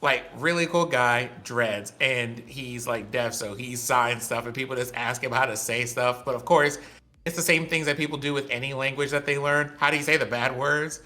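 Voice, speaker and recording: A man in his forties with a bright, forceful voice, chatting in a relaxed podcast and telling animated stories. He teases his co-hosts playfully. Faint music plays underneath. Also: mid-range voice, normal speed. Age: 40s. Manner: animated storyteller, playful teasing. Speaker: podcast co-host. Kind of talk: casual chat.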